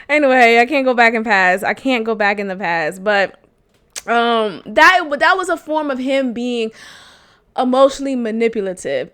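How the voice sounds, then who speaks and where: A young adult woman hosting a podcast, telling a frank personal story in a profane, animated way and laughing often. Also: fairly high pitch, clean tone. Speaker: podcast host. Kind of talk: candid storytelling monologue.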